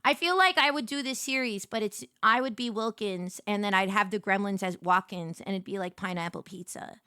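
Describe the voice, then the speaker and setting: A woman's voice: medium pitch, a little fast, sharp tone, smooth, no room sound, clean studio sound. A woman hosting a casual reaction stream, giggly and playful as she chats. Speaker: streamer host.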